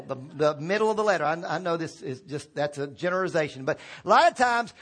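High-voiced pastor preaching to a congregation. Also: male voice, fairly bright tone. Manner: informal, calls on congregation to repeat words. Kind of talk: sermon. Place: church sanctuary.

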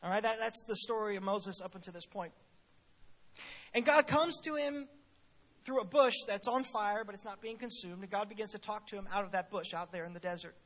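A man preaching a sermon, telling stories in an animated, humorous way and often repeating words at the start of his phrases. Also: high voice, fairly quick. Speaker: pastor.

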